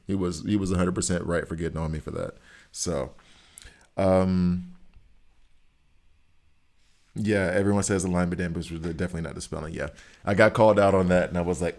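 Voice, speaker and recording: A man's voice: low voice, steady tone, normal speed, a little mellow. A man casually chatting with his viewers as he plays a game on stream, thinking aloud about stats and choices. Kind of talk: casual live-stream commentary while playing.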